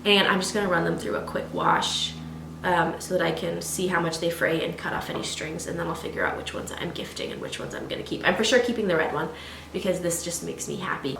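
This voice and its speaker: A young woman vlogging casually at home, talking candidly and with animated asides. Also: on the low side, a little fast, vocal fry, reverberant, a little hiss or hum, poor audio. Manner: candid, animated, self-deprecating. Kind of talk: casual chat to camera. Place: home living room.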